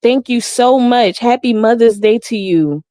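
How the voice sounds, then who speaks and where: A middle-aged woman speaks a little slowly on her livestream, with no echo and clean studio sound. Chatting casually, she reads comments and recounts family stories, full of laughter and animation, doing quotes in a high voice.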